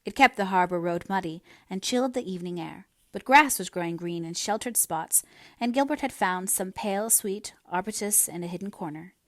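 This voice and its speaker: A woman reading a novel aloud as narrator, in a measured, expressive way. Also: mid-range voice, no echo, clean studio sound. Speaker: audiobook reader. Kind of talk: storybook narration.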